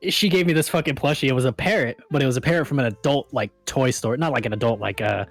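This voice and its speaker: A man's voice: mid-range voice, quick pace, soft background music. A man hosting a live stream in casual chat, a rambling storyteller who swears constantly. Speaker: stream host.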